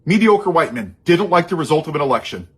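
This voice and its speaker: A man's voice: on the high side, very animated, quick pace, a bit bright, slightly rough. A man giving an impassioned, sarcastic political monologue. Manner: sarcastic, heated, mocking asides. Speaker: social media commentator.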